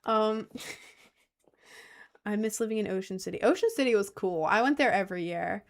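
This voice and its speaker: A woman's voice: medium pitch, normal speed. Rambling young woman streamer. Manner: rambling, filler-heavy, lots of "like". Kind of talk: casual chat.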